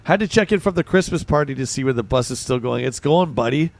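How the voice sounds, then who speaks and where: Hoarse gravelly man streaming. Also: medium pitch, fast. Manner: excitable, jokey banter with chat. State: hoarse, voice going. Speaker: livestream host. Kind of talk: casual livestream chat.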